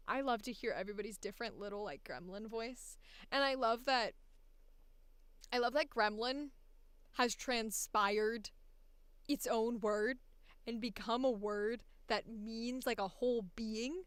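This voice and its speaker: A woman voice actor in a casual, animated chat about voice acting, laughing often as she talks. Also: a little high, measured pace, smooth, dry recording.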